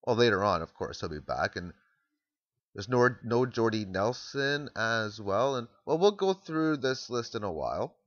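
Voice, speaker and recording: A man's voice: lowish voice, sing-song, moderate pace, no room sound, lo-fi sound. A man casually explaining football strategy, thinking aloud and restarting sentences as he walks through plays. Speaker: amateur football analyst.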